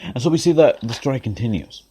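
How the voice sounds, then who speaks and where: A man preaching a sermon, retelling a story in a lively way, repeating phrases and putting questions to his listeners. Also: mid-range voice, quick pace, background noise.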